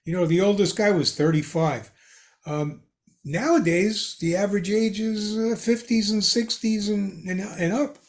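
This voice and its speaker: An older man, a guest on a hobby podcast, tells casual anecdotes with an animated, chuckling delivery. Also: high voice, unhurried. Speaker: guest ham radio expert. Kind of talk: casual storytelling in a podcast chat.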